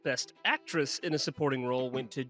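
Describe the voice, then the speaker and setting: A young man co-hosting a movie podcast, animated and jokey, laughing often as he chats. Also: medium pitch, brisk, soft background music. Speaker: podcast co-host. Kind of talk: casual movie podcast chat.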